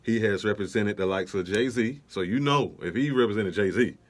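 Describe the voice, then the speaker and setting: Man, low voice, podcast co-host, casual talk, laid-back, lots of fillers. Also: normal speed.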